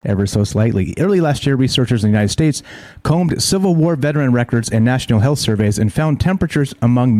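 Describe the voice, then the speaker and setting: A man's voice: mid-range voice, dark tone, dry recording. Man hosting a news rant, heated and profane, dry close sound. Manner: heated, profane, rhetorical questions. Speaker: host. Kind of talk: ranting news commentary.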